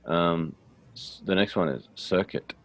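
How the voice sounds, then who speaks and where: An Australian man hosting a relaxed English-learning chat, laughing easily and filling pauses with ums. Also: deep voice. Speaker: English teacher and channel host. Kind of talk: casual conversational interview.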